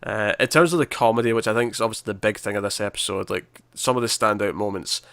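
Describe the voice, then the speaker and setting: A man on a review podcast, talking through an episode with excited, tumbling retellings full of false starts. His voice sits at an ordinary pitch. The sound is close and dry. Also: fast talker, no echo. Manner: animated, stumbling retelling with many restarts. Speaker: podcast co-host. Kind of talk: casual review chat.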